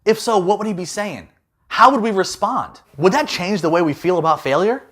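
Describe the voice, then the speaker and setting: Animated, playful man giving a youth talk. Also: a little high, a little fast. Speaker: youth pastor.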